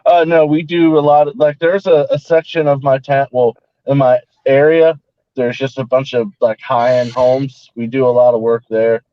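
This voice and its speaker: A man's voice: mid-range voice, level tone, normal speed, no room sound, lo-fi sound. A man talking as a guest in a casual panel chat, hesitant and full of fillers, over a video call. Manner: hesitant, fills with "like" and "uh".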